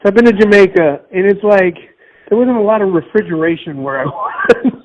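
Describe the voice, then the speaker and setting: Chatty man with a higher voice. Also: a little fast, lo-fi sound. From Miami, United States. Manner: chatty, rambling storyteller. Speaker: podcast co-host. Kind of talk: casual chat.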